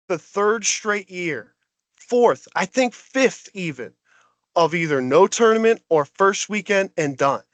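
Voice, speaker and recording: Guy ranting about his team, pretty high voice, all worked up and exasperated. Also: no room sound. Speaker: podcast co-host. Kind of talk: heated sports rant.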